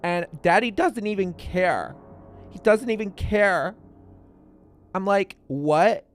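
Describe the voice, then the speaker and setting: A man's voice: sits high, slow pace, soft background music, voice pushed up. A man doing a whiny valley girl. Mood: gossipy. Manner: gossipy, whiny. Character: spoiled young valley girl.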